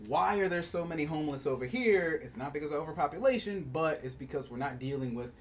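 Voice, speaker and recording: Male podcast co-host, very lively intonation, chatty and thinking aloud, faint hiss behind. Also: a little high, fast talker. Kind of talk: casual chat.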